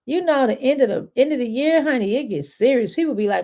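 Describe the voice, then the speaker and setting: A woman's voice: on the high side, lively intonation, fast, dark tone. A woman wealth and credit coach in a casual, rambling live-stream chat, chatty and encouraging toward her viewers.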